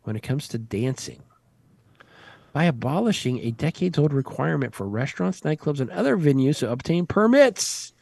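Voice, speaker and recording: A man's voice: on the high side, big pitch swings, moderate pace, vocal fry, a little mellow, no room sound. A man hosting a radio show, reading news stories with wry, irreverent asides and casual swearing. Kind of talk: casual news read with banter.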